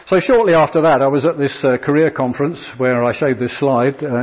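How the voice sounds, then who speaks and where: A middle-aged man tells stories from his working life to an audience. He speaks in a chatty, self-deprecating way with plenty of ums and uhs, at an ordinary pitch for a man. The recording sounds slightly dull and lo-fi. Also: fairly quick, hardly any pauses. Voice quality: chatty, self-deprecating humour with frequent fillers. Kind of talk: anecdotal talk to an audience.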